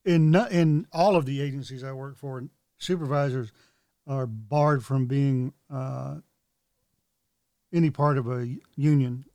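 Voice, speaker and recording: A man chatting casually with a friend, speaking in a relaxed, halting way with many fillers. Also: medium pitch, dry recording, clean studio sound. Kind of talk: casual chat.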